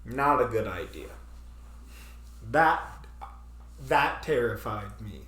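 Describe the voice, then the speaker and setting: A man's voice: medium pitch, slow pace, roomy sound. A man hosting a casual chat, telling a story with frequent laughs and acted-out panic. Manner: animated, laughing often, acts out his own panic. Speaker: podcast host.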